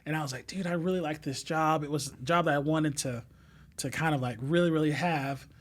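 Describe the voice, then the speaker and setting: Guy guesting on a podcast, kinda high voice, rambling story style w lots of ums and laughs. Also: a little fast. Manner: rambling, many fillers and restarts; laughs as he tells stories. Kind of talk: casual storytelling chat.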